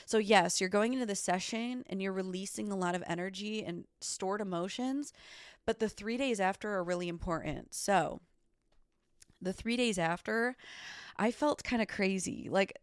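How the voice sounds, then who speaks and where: A woman hosts her own podcast, chatting candidly and emphatically on her own, swearing often and filling gaps with "like" and "okay." Her medium-pitched voice is clear and resonant at a moderate pace, captured in a dry, clean studio recording.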